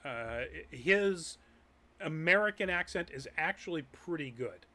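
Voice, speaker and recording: Chatty man hosting, fairly high voice. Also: expressive, unhurried, sharp tone. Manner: chatty, many ums and uhs. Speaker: host of a live nerd news show. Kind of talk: casual chat reading news and chat comments. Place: Massachusetts.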